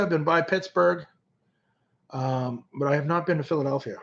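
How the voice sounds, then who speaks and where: A man's voice: fairly high pitch, moderate pace, creaky, a bit bright. A man from Canada hosting a casual livestream, chatting with viewers and rambling through stories with lots of restarts. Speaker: livestream host. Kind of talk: casual livestream chat reading comments. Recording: dull lo-fi stream audio.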